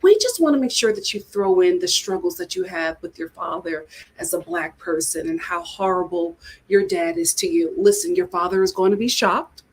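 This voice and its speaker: A woman voicing a smooth-talking TV producer who talks a contestant into sharing painful family stories, in a lower, falsely reassuring tone. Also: expressive, normal speed, poor audio. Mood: coaxing.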